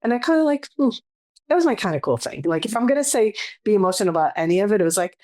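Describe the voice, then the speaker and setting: A woman's voice: mid-range voice, animated, very fast, darkish tone. A middle-aged woman co-hosting a podcast, talking in a fond, rambling, reflective way. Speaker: podcast co-host. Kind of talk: casual chat.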